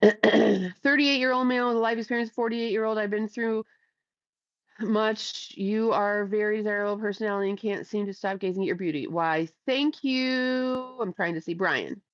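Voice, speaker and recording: A woman's voice: mid-range voice, steady tone, fairly quick, no room sound. Middle-aged woman hosting a stream, crude and chatty, slightly lo-fi mic. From Ohio, USA. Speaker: livestream host reading chat. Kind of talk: casual livestream chat.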